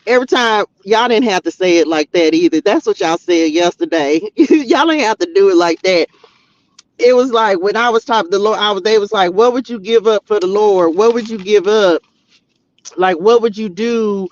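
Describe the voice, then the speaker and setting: A man's voice: high-pitched, moderate pace. A man giving a casual, exclamatory spiritual tarot message, talking straight to his viewers. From Texas, US. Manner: exclamatory, chatty, talks straight to viewers as "y'all" and "child". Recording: dull, slightly lo-fi audio.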